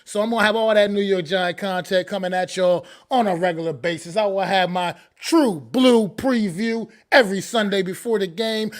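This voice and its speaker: A man's voice: high voice, normal speed. A man co-hosting a sports podcast, hyping the audience and talking to them as folks and y'all. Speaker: podcast co-host. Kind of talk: casual sports podcast outro.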